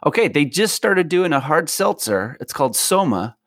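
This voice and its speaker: Animated, laughing man chatting. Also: a little high, normal speed, no room sound, studio quality. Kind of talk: casual chat.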